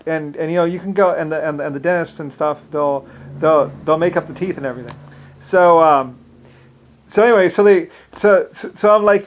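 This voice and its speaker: A man's voice: fairly high pitch, normal speed. A man talking in a rambling, casual monologue, often restarting sentences and slipping into quoted asides. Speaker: vlogger.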